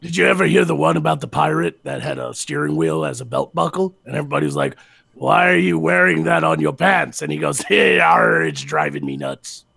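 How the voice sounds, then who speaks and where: A man telling crude jokes deadpan in a group voice chat. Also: on the high side, fast talker, gravelly, husky, no room sound. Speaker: stream chat participant.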